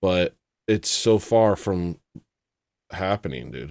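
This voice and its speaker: A man's voice: fairly low pitch, expressive, unhurried, no echo, studio quality. A man hosting a casual livestream, rambling, joking at his own expense and greeting chatters by name. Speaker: livestream host.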